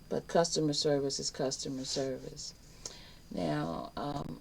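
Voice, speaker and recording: A woman's voice: low-pitched, creaky, darkish tone, a little hiss or hum, rough recording. A woman teaching a casual online life skills class, chatty and emphatic, acting out little exchanges. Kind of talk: casual spoken lesson to camera.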